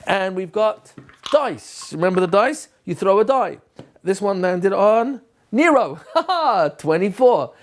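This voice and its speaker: A man's voice: high-pitched, a little mellow. A man giving a recorded lesson to teachers, quizzing himself aloud and answering in a playful way. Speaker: teacher trainer.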